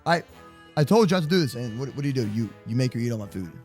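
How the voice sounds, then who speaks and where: A man's voice: medium pitch, expressive, rapid-fire, a little mellow, soft background music, close to an everyday voice. A man voicing a cocky, always hungry baby moose boy in a Minecraft roleplay, talking in broken, clipped grammar and repeating words in bursts. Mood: frantic.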